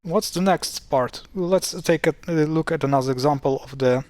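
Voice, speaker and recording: A man with a somewhat high, slightly mellow voice talks through pronunciation in a casual screen-share explainer, speaking at normal speed with no echo. Chatty and prone to fillers and restarts, he gets exasperated at words said wrong.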